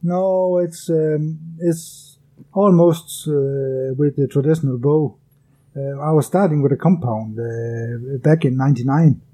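A man's voice: fairly high pitch, fairly even intonation, measured pace, mellow. A man from Denmark with a Danish accent, speaking English as a second language as an interview guest, hesitant and careful with many fillers. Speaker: guest, bow hunter. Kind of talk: casual interview.

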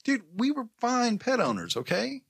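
A man's voice: very high voice, huge pitch swings, moderate pace, gravelly, fairly bright tone, husky, no room sound. A man co-hosting a casual chat, telling rambling stories full of swearing and laughter. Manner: rambling anecdotes, heavy swearing, frequent laughter.

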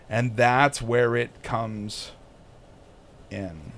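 A man's voice: medium pitch, steady tone, drawn-out words. A man hosting a podcast in casual chat, swearing constantly and sneering sarcastically. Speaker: podcast host. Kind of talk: casual profane commentary.

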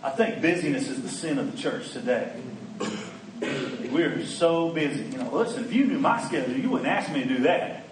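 Guy preaching folksy and animated at a conference, echoey room, faint hum behind. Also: mid-range voice, moderate pace. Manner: folksy, animated, acts out dialogue. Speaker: conference speaker. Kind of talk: preaching talk. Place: conference hall. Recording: echoey room, mic at a distance.

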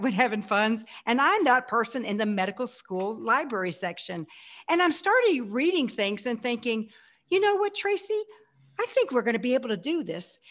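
Animated woman in her sixties. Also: fairly high pitch. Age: 60s. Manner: animated, acts out her own past voice. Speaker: guest. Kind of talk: storytelling interview answer.

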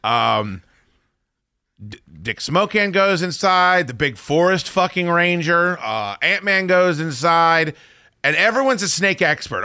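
A male talk show host telling a story in a casual, wry, profane way. His pitch swings widely and his tone is bright and forceful. The sound is close and dry. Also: expressive, a little slow, smooth, no room sound.

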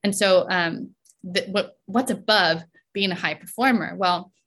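A woman's voice: fairly low pitch, measured pace, fairly bright tone. Chatty woman coach asking "right?". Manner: chatty, ends points with "right?", laughs often. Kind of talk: conversational podcast talk.

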